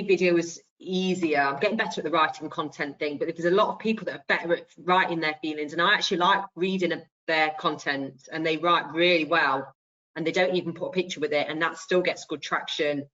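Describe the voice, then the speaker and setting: A woman's voice: fairly low pitch, brisk, pushed and bright. Chatty woman on a lo-fi call. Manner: chatty, laughs easily. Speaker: accountant panellist. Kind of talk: webinar panel talk.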